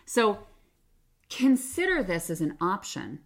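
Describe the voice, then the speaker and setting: A woman's voice: medium pitch, big pitch swings, slow. A woman hosting a self-help podcast, talking in a casual coaching way and often saying "like". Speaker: podcast host.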